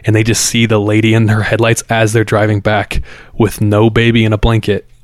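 A man's voice: on the low side, completely flat delivery, fairly quick, no room sound, studio quality. A man casually telling a scary local legend, building suspense and acting out the people in it. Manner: builds suspense, acts out quoted voices. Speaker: storyteller. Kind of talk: casual storytelling.

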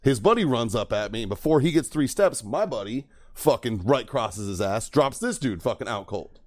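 A middle-aged man spinning a yarn on a podcast, his voice swinging high and low as he laughs and curses through the tale. He sounds close and dry, with no room around him. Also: normal speed, dry recording. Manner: profane, laughing, animated storyteller. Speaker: podcast host. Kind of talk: casual storytelling with friends.

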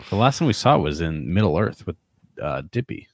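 Deep-voiced man in casual podcast chat. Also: breathy edge, no room sound, studio quality. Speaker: podcast co-host.

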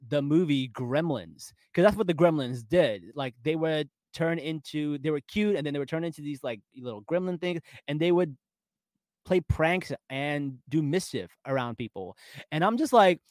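A man's voice: fairly high pitch, lively intonation, moderate pace, a little mellow, no room sound, studio quality. A man co-hosting a casual fan discussion, recapping scenes and laughing often. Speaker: podcast co-host.

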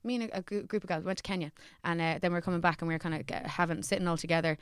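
A woman's voice: on the low side, steady tone, rapid-fire, smooth, no room sound, clean studio sound. A young woman, an actor, chatting candidly on a podcast, swearing freely and laughing as she talks. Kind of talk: casual chat.

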